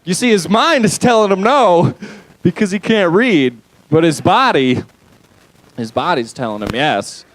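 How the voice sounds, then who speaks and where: A man's voice: high-pitched, expressive, unhurried, low-quality recording. A young man performing a stand-up comedy set on a club stage, talking loosely with lots of fillers and crude asides.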